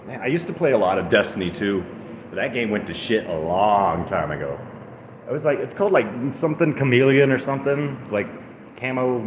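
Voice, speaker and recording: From inside an apartment, a lowish-voiced man streams casually, rambling on in a self-deprecating way and stopping to coo at his cat. His chat is recorded with reverb and background noise.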